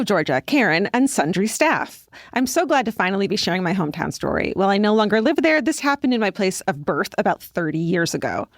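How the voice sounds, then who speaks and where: A woman co-hosting a podcast, chatting casually and reading a listener's story aloud in an animated way, swearing freely. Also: mid-range voice, no echo, clean studio sound.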